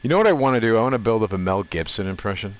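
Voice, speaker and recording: A man doing animated, joking commentary while streaming a video game and talking to his chat. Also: lowish voice, rapid-fire. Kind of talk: gaming commentary.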